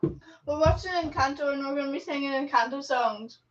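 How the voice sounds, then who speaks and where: A high, chatty female voice calls in from across the room, cheeky in tone. It sounds distant from the mic and comes through muffled and dull. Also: normal speed. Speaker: host's child.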